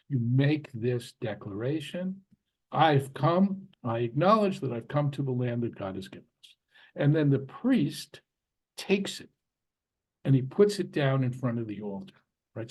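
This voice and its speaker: A man with a husky, slightly breathy voice teaches a scripture lesson at an unhurried pace. He explains each verse patiently, pausing often to ask "right?" before going on. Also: mid-range voice, dark tone. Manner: explanatory, frequent "right?" check-ins, restarts. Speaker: Bible teacher. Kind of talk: lecture on scripture.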